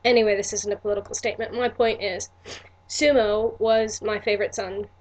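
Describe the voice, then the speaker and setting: A woman's voice: mid-range voice, fairly even intonation, a little fast. A woman, telling a personal story in a candid, earnest vlog with many restarts and asides. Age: 40s. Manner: earnest and emotional. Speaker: vlogger.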